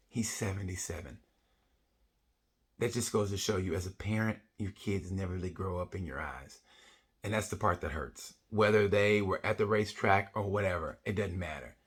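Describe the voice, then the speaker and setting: A man's voice: low-pitched, husky. A middle-aged man giving a casual comedic race review, blunt, profane and rambling. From United States. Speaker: motorsport vlogger.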